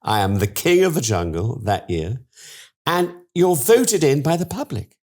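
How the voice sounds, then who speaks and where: A man's voice: medium pitch, sing-song, a little slow, a little mellow. Older guy spilling showbiz stories, big swooping voice, very theatrical. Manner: theatrical, gushing storyteller who laughs a lot. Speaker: guest. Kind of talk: anecdotal interview chat.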